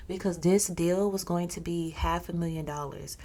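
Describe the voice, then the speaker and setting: A woman's voice: on the low side, brisk. Chatty woman storyteller. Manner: chatty, with personal asides. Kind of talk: casual storytelling.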